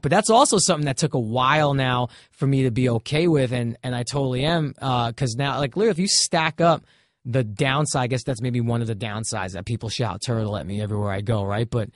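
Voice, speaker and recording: A man's voice: medium pitch, no room sound, clean studio sound. A man in his thirties from Brooklyn with a New York accent, an actor chatting candidly in an interview, often restarting his sentences. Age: 30s. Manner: candid, storytelling, frequent restarts. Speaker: actor guest. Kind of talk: casual interview chat.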